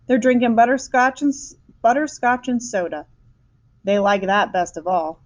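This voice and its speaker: A woman voicing a brisk, eccentric male chocolate maker who hurries everyone along, reading a storybook aloud. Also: fairly high pitch, expressive, voice pushed up, close to an everyday voice, poor audio. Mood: brisk cheer.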